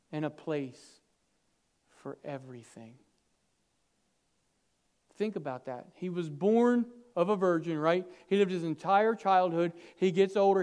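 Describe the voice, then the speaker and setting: A man preaching a sermon, swinging from hushed, intimate lines to loud, animated bursts, acting out quoted dialogue with humor. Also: sits high, clean tone.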